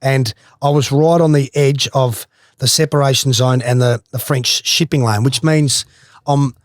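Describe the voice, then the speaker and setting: A man's voice: medium pitch, a little slow, dry recording, studio quality. A man with an Australian accent, a former footballer, casually telling a swimming story with laughs and swearing. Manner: animated, swears freely, laughs through stories.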